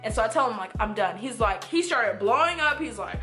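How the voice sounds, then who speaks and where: A young woman with a high, bright voice rattles through a casual storytime, animated and blunt, swearing freely. She acts out what everyone said as she goes. Faint music plays behind her. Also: fairly quick.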